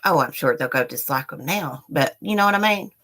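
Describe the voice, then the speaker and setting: A fired-up middle-aged woman, a YouTube live streamer, delivers an angry, profane rant straight to her viewers. Her low voice is expressive and a bit bright, and she speaks fairly quickly in a heated way.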